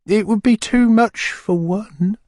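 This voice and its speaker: A man voicing a coy, fluttering middle-aged workhouse matron, speaking in a high, faint, bashful voice. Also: slow, darkish tone, no room sound, studio quality.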